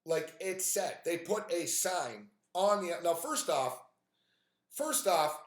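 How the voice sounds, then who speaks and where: A man's voice: high voice, very animated, takes it slowly, roomy sound. A man hosting a live stream, telling an exasperated, profane story with lots of fillers. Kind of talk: profane ranting monologue.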